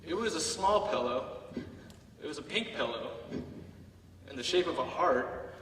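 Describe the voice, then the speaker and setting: Bright-voiced man telling a comic story in a hall. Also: on the high side, lively intonation, a little slow, far from the mic, a little hiss or hum. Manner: playful, comic storytelling with acted-out asides. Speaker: military veteran telling his story on stage. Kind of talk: staged personal storytelling. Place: theater stage, heard from the audience.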